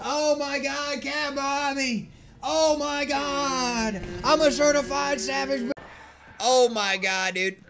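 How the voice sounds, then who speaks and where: A young man streaming a shooter game, trash-talking opponents and cheering his own plays with brash, excited commentary. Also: extremely high pitch, slow pace, gravelly, a loud crowd. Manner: brash trash talk with excited yelps and laughs. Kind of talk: live gameplay commentary. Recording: noisy game audio behind voice. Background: gunfire from the game.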